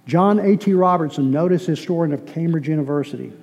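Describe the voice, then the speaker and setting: Man, from Boston, teaching sermon, fairly high voice, dark mellow tone, long hall reverb. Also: brisk. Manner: conversational, repeats words, quizzes the audience.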